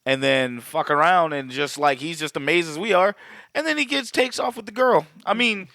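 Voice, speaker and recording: A man with a high, bright, forceful voice, co-hosting a casual podcast. He swears freely and jumps into movie characters' lines mid-recap. The sound is dry and close, with no room echo. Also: normal speed, gravelly. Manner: profane, animated, acts out movie quotes. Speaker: podcast co-host. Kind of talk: casual film recap chat.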